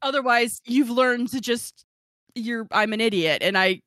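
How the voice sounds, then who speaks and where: A woman's voice: on the high side, unhurried, fairly bright tone, no echo, studio quality. Rambling, giggly woman podcast host. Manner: rambling, self-deprecating, giggly. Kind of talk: casual chat.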